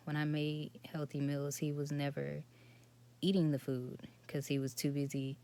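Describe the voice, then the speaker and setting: A woman telling a personal story in a vlog, speaking softly and often slipping into near-whispers. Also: deep voice. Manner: soft, subdued and often breathy, trailing into near-whispers. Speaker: vlogger.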